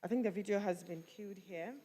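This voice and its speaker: Woman emcee, mid pitch, brisk and practical, long reverberant hall sound. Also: mellow. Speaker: master of ceremonies. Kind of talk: event hosting.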